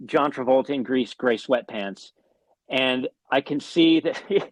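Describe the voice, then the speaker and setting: A man, a guest musician, telling animated anecdotes in an interview, swearing often and restarting his sentences. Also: mid-range voice, a little slow, no echo. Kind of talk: storytelling in an interview.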